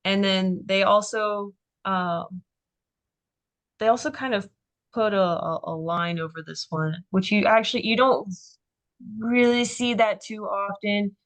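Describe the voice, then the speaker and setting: Slow, encouraging woman tutor. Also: mid-range voice, fairly even intonation. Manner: encouraging, unhurried, with frequent fillers. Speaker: Greek workshop tutor. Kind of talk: online tutoring session.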